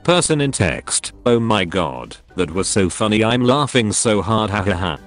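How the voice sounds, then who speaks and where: Lively low-voiced man reading meme captions. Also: over music. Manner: brisk caption-by-caption reading, quick jumps between jokes. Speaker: meme compilation narrator.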